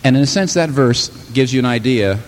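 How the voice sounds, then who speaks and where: A man preaching a sermon in a church hall, animated and often taking on the voices of the people he quotes. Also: medium pitch, a little fast. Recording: long hall reverb, faint room ambience.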